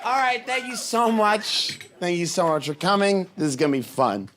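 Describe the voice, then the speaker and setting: Lively, bright-voiced stand-up comic from Boston. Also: male voice, sits high, normal speed, some chatter behind, slight background noise. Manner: animated storytelling, acting out voices. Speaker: stand-up comedian. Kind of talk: stand-up comedy set. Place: comedy stage before a live audience.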